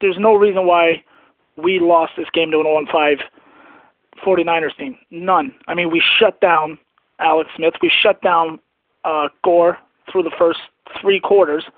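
A man's voice: a little high, steady tone, measured pace, no echo. A man in his twenties leaving an angry, disgusted voicemail about his team's loss. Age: 20s. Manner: angry, disgusted fan venting. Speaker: caller. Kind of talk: voicemail rant. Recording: tinny phone line, dry.

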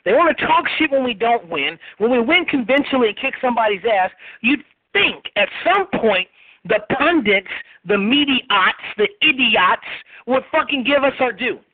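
A man's voice: very high-pitched, expressive, moderate pace, no echo. Ranting man on a tinny phone line. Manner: indignant, profane rant. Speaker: caller. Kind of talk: angry fan voicemail.

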